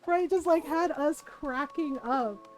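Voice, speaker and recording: A woman's voice: high-pitched, slow pace. A woman livestreaming a game, telling a story casually and animatedly, laughing often and acting out what people said.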